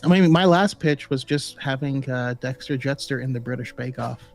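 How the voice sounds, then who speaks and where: A man's voice: medium pitch, moderate pace, vocal fry, soft background music. A man co-hosting a casual live podcast chat, jokey and self-deprecating.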